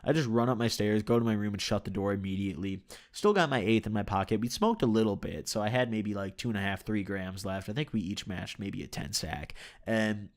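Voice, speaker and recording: A man's voice: on the low side, fairly quick. A young man casually telling a personal story, laid-back, swearing freely and laughing now and then, with lots of "like" and "you know". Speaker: storyteller recounting his own experience.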